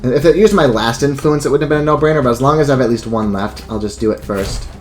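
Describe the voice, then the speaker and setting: A man's voice: medium pitch, fast, faint music behind. A man giving casual let's play commentary, thinking aloud and swearing freely as he plans his moves. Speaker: gameplay commentator.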